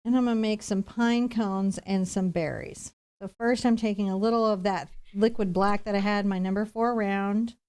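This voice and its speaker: A woman teaching acrylic painting on a live stream, explaining each step in a chatty, relaxed way. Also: medium pitch, moderate pace, hardly any pauses, clean tone.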